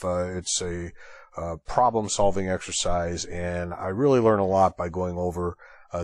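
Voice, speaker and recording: Low-voiced man teaching EMS. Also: a little mellow, no room sound. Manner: conversational, thinking aloud with fillers. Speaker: EMS instructor and host. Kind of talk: recorded training lecture.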